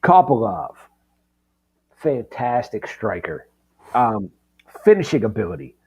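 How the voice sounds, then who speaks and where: A man co-hosting a podcast, giving casual fight analysis in a halting way, with many ums. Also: fairly low pitch, very animated, a little mellow, husky. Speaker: podcast co-host.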